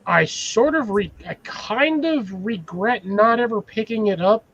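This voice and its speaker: A man chatting casually on a live stream, rambling and animated, swearing freely. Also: high-pitched, unhurried. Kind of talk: casual chat. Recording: dull lo-fi mic.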